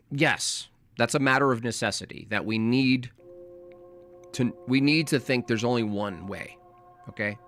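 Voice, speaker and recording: A man's voice: medium pitch, a bit bright, soft background music. Sarcastic American man reacting to a debate. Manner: sarcastic, argumentative, with rapid bursts. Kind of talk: casual commentary.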